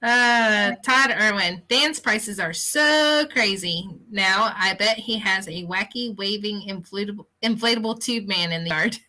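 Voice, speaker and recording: A woman co-hosts a casual livestream, reading viewers' messages aloud in a relaxed, amused way. Her voice is bright and clear. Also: mid-range voice, measured pace, few pauses, poor audio. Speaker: co-host reading out viewer comments.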